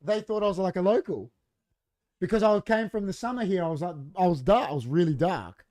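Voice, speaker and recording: An Australian podcast co-host with a slightly high voice, chatting loosely and stumbling over repeated words. The sound is dry and close, with no room echo. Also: male voice, lively intonation, a little fast, a little mellow. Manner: rambling, repeats words while thinking. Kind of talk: casual chat.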